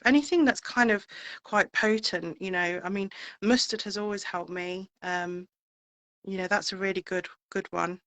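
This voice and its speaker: A woman's voice: mid-range voice, sharp tone, dry recording, poor audio. A woman singer being interviewed, chatting in a rambling way with plenty of fillers. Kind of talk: casual interview chat.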